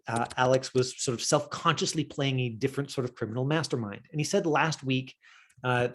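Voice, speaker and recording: A middle-aged man teaching acting in a casual, talkative way, full of fillers and quick asides. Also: mid-range voice. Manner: chatty, full of fillers, breaks into quoted voices.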